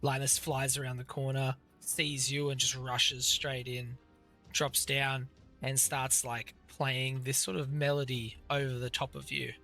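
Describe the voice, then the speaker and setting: A man's voice: mid-range voice, flat delivery, unhurried, bright, forceful tone, faint music behind. A man narrating as game master of an actual-play tabletop game, vivid and descriptive with many fillers.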